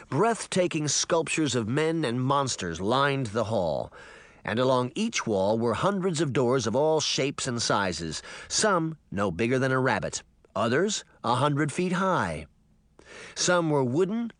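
Male audiobook narrator, animated intonation, dry studio sound. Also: mid-range voice, dry recording. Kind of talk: scripted storybook narration.

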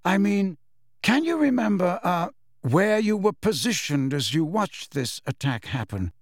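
A calm elderly wizard headmaster, as a man puts him on, speaking slowly and gravely in a slightly raised voice. The sound is dry and close, like a storybook reading. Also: high-pitched, dry recording, pitched above the performer's own voice, heavily acted. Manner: measured, quiet, grave.

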